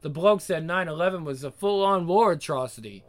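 A man's voice: on the high side, brisk, lightly acted. A man voicing a foul-mouthed, hard male ringleader with a blunt, menacing manner.

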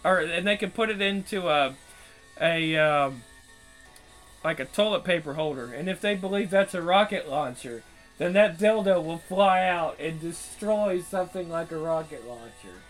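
A man's voice: a little high, lively intonation, moderate pace, a bit bright, faint music behind, poor audio. A man hosting his channel in casual, profane commentary, rambling with frequent restarts. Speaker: channel host.

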